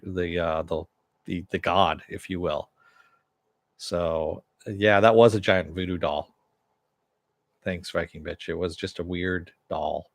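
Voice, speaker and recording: A man's voice: low-pitched, no echo. A man hosting a casual live-stream review, recapping an episode in a rambling way. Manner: rambling, many "uh" and "he goes". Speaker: show host reviewing a TV episode.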